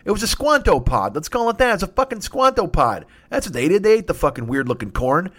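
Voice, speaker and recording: A man's voice: high voice, big pitch swings, fast talker, fairly bright tone. A man hosting a comedy show, riffing through a profane, improvised rant and slipping into silly voices. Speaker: comedy podcast host.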